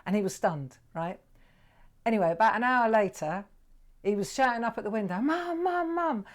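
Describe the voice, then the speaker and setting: A woman's voice: mid-range voice, brisk. A middle-aged woman with a British accent hosting a live drawing tutorial, chatty and coaxing her viewers along. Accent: British English. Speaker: craft presenter.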